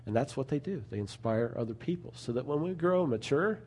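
A man's voice: medium pitch, lively intonation, brisk, a little mellow, breathy edge. A man preaching a sermon in an earnest, conversational way, often adding asides to his listeners.

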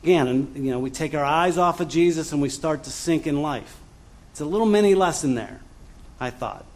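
A man's voice: on the high side, expressive, brisk. A man preaching a sermon in a conversational way, with frequent fillers, restarts and asides to the congregation. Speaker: pastor.

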